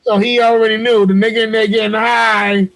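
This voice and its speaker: A man hosting a show over a video call, telling a story in a loud, profane, animated way. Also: high-pitched, a little fast, vocal fry, poor audio. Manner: loud, profane, animated retelling with acted quotes. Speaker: podcast host.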